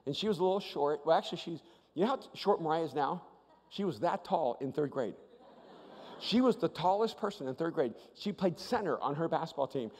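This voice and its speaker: Man, pastor, storytelling sermon, high voice, playful, repeats words, long hall reverb. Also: animated, fairly quick, a little mellow. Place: church auditorium with live audience.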